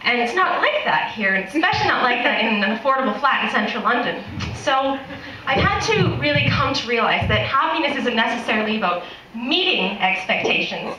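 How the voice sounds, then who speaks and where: A woman from Canada with a Canadian accent, telling humorous personal stories in a lively way and laughing often. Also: on the high side, brisk, hardly any pauses. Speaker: storyteller. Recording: echoey room from far off with noise.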